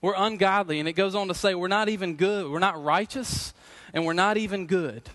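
A middle-aged man preaching a sermon as pastor, earnest and emphatic, slowing down to repeat key phrases. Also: high voice, a bit bright.

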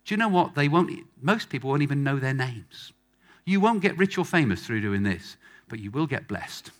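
A man's voice: mid-range voice, big pitch swings, moderate pace, faint music behind. A man preaching a sermon to a congregation in front of him, emphatic and fond of repeating phrases for effect. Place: church hall with a live congregation.

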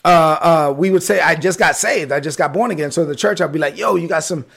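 Brooklyn-accented male preacher, husky and fairly high-pitched, animated storyteller. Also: fairly quick. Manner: animated storyteller, acts out quotes, sudden shouts. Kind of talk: sermon-style storytelling. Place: livestream with chat.

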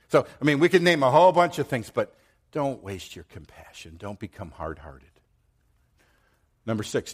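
A middle-aged man preaching a sermon, telling stories with lively swings between loud outbursts and quiet asides. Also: deep voice. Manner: animated storytelling, acts out quoted voices, swings loud and soft. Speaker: pastor.

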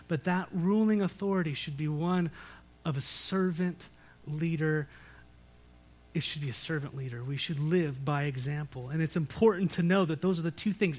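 A man preaching a sermon as pastor, in a conversational way with rhetorical questions and light jokes. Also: fairly high pitch. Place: church sanctuary.

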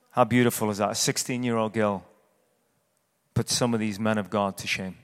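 A man's voice: on the low side, fairly even intonation, moderate pace, clear, resonant tone. Man preaching in an echoing hall. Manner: conversational, with tag questions like "yeah?". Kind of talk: sermon. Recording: echoey hall.

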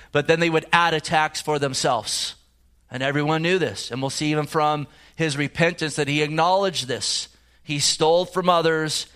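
A man preaches a sermon, reading scripture aloud and building to emphatic points. His voice sits slightly high for a man. He turns to the congregation with direct questions. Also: a bit bright. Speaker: pastor.

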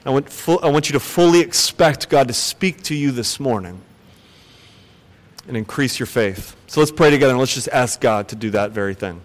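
A man's voice: mid-range voice, lively intonation, moderate pace. A man preaching a sermon as pastor, earnest and speaking straight to the congregation. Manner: earnest, asks the congregation direct questions. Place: church sanctuary. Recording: reverberant church hall.

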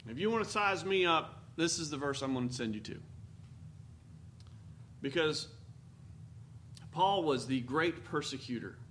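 A man's voice: fairly high pitch, lively intonation, measured pace, pauses often, a bit bright. A man preaching a sermon in a folksy, storytelling manner with dramatic emphasis. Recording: faint background noise.

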